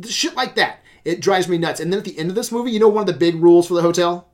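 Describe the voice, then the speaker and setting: A man's voice: high-pitched, quick pace. A man ranting about movies on a casual podcast, swearing a lot and sounding exasperated. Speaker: podcast host reviewing movies. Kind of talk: casual profane movie rant.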